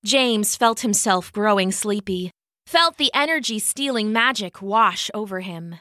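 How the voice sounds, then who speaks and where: A woman narrating a scripted spooky story in a measured, unhurried manner. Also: mid-range voice, expressive, bright, forceful tone, no echo, studio quality.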